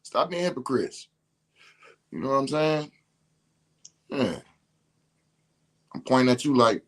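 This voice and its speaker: Male host, ordinary pitch, venting emphatically in loose slang. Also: expressive, slow pace, long pauses, a bit bright. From Detroit. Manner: emphatic, slangy, repeats himself. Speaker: podcast host. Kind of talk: casual spiritual rant.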